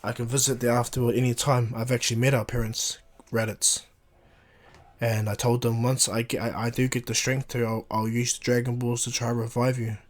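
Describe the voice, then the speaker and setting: A man voicing a calm, all-powerful alien guardian with a soft, measured, reassuring manner, close to his own voice. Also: mid-range voice, close to an everyday voice.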